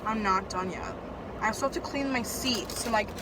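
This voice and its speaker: A woman's voice: mid-range voice, moderate pace, noisy background. A young woman chatting casually for her vlog from her car and a car wash, flustered and full of "like" and "literally". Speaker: vlogger.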